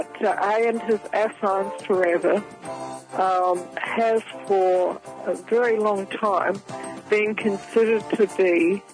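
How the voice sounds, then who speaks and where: A woman's voice: mid-range voice, a little mellow. A woman calling in to a talk radio show, explaining earnestly with many hesitant fillers. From Australia. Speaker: guest caller. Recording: phone line with faint music.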